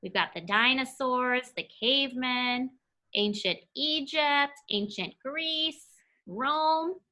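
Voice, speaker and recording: A young woman elementary school teacher with a high, sharp voice reads a picture book slowly to her class. She adds playful, chatty asides to the children.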